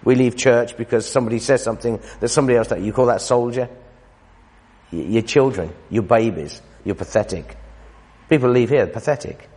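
A man preaching in a church hall, his voice a little husky with a long reverb trailing behind it. He is animated and teasing, jumping between loud emphasis and quieter asides. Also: brisk. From United Kingdom. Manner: animated, teasing, emphatic, with lively pitch swings and laughs. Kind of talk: sermon.

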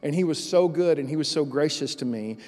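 A man preaching a sermon as pastor, telling an animated story in a church. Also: on the high side, brisk, big-room sound. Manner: storytelling, animated and loud in acted-out parts. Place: church sanctuary.

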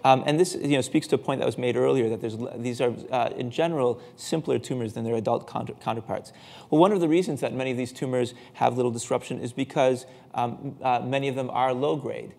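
A man speaks from a podium in a lecture hall, giving a scientific talk in a halting way with many fillers and restarts. His voice sits at a middle pitch with a gravelly edge. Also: fairly even intonation, darkish tone. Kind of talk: conference talk.

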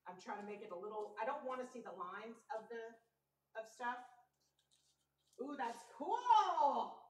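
A woman hosting a live painting stream, chatting casually and telling animated stories with casual swearing. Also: fairly high pitch, a little fast, recorded from a distance. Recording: echoey room.

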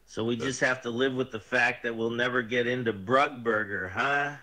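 A man's voice: mid-range voice, fairly even intonation, moderate pace, sharp tone, rough recording. A text-to-speech male voice reading the lines of a tired, frustrated police officer who keeps asking the same thing. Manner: tired, complaining, repetitive questioning.

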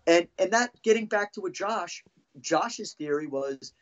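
A man's voice: sits high, expressive, measured pace. Profane rambling man, dull lo-fi audio. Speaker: podcast guest, former band drummer. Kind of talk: casual storytelling.

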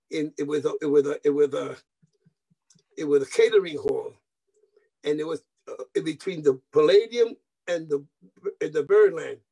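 High-voiced older man telling stories. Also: slightly rough, rough recording. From New York. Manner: animated, repeats words, acts out quoted voices, laughs often; slips into Spanish phrases. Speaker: guest musician. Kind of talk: anecdotal interview storytelling.

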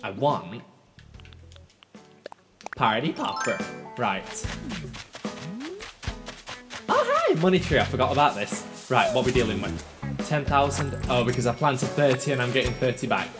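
Man, let's play host, animated, very lively pitch, game music behind. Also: measured pace, pauses often. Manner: chatty, animated, talks to himself.

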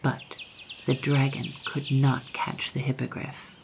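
A woman reading a classic children's story aloud as a storyteller, soft and often half-whispered. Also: very deep voice, completely flat delivery, takes it slowly, creaky, slight background noise.

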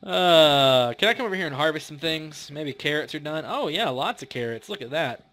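A man's voice: fairly high pitch, animated, normal speed, fairly bright tone. A man hosting a casual gameplay commentary, playful and chatty, laughing often and talking to the creatures in his game. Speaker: gaming channel host.

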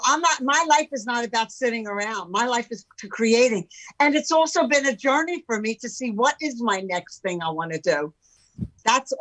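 A woman's voice: a little high, rough recording. An older woman, a podcast guest and entrepreneur, talking emphatically in casual conversation and acting out the voices of people she quotes. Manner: emphatic, animated, acts out quoted speech.

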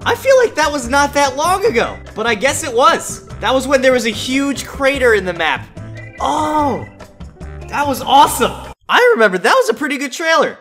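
A gaming YouTuber giving excited reaction commentary, chatty and reminiscing, bursting into shouts and exclamations. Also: high-pitched, moderate pace, faint music behind.

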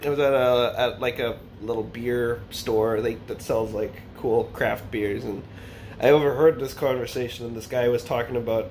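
A man's voice: medium pitch, slight background noise. A young man with a Canadian accent, chatting casually and telling funny stories for his vlog. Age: young adult. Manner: joking, animated storyteller. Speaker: vlogger. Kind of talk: casual chat.

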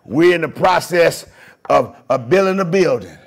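A man preaching a sermon in call-and-response style, pushing his voice up into shouts on key lines. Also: a little high, expressive, moderate pace. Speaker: pastor.

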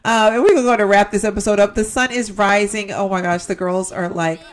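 A woman's voice: mid-range voice, steady tone, brisk. A young woman giving casual, chatty commentary as she plays a life-simulation game, talking straight to her viewers and exclaiming at what happens. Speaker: gaming YouTuber. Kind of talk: casual let's-play commentary.

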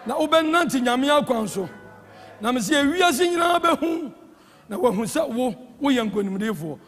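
Ghanaian church elder preaching, really high voice, big echoey church hall, shouts then goes quiet. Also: male voice, expressive, moderate pace, faint music behind. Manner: impassioned, swings between shouting and hushed tones. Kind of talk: sermon. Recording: church hall with long reverb.

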